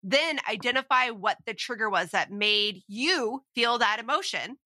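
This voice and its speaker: A woman's voice: on the high side, lively intonation, moderate pace, bright, forceful tone, dry recording. A woman in her forties co-hosting a parenting podcast, telling stories in a chatty, self-mocking way. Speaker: podcast co-host. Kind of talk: casual parenting chat.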